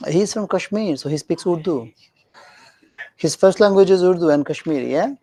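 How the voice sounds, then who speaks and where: A man teaching a grammar lesson in a classroom, animated and joking with his students. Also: sits high, normal speed. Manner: animated, joking with students, mixes in Hindi phrases.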